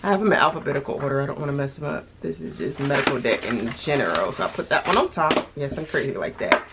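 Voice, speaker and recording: This woman has a bass voice, expressive and quick, with background noise behind her. In a casual to-camera vlog, the budgeting vlogger discusses paying off her debt, thinking aloud, restarting, chuckling, and hiccuping a little.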